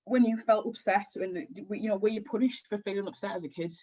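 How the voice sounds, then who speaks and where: Podcast guest: a woman healer with a husky voice, animated and rambling. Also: medium pitch, brisk, low-quality recording. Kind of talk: casual podcast conversation.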